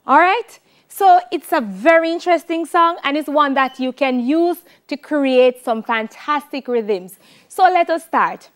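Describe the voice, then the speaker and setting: A Jamaican woman leads a televised classroom music lesson. Her voice sits high, and she takes an unhurried pace. She chants song syllables and claps out rhythms for her students to copy. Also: lively intonation, lo-fi sound. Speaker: music teacher.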